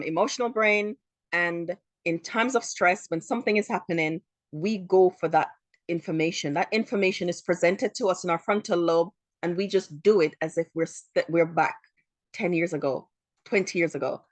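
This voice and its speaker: Jamaican-born woman therapist doing a solo podcast, lowish voice, earnest, kinda repeats herself. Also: no echo. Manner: earnest, repeats words as she explains.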